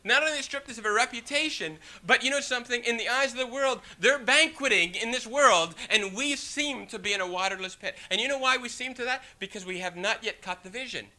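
A man delivering a lively sermon in a high, very bright voice. He preaches in an animated, rhetorical way and keeps checking in with the listeners. He also reads scripture in old-fashioned wording. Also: a little fast, few pauses.

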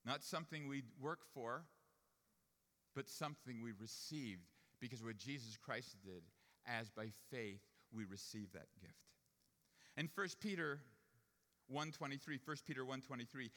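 Male preacher, storytelling sermon, bright forceful tone, long hall echo. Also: medium pitch, measured pace. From Jewish family upbringing. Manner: storytelling, rising to emphatic preaching.

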